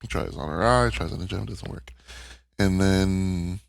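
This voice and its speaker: Low and creaky, this man's voice moves at a measured pace. He's one of a podcast's co-hosts, casually recapping a cartoon with candid, emotional talk and frequent swearing.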